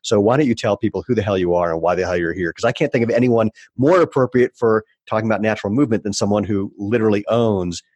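A man's voice: lowish voice, darkish tone, dry recording. A man hosting a podcast, chatting casually and joking with his guest. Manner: jokey, quick, laughs often. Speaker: podcast host. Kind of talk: casual interview chat.

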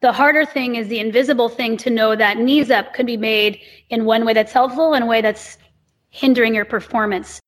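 Woman with a fairly high voice explaining movement. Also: fairly even intonation, fairly quick. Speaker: podcast guest, movement teacher. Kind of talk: casual conversation.

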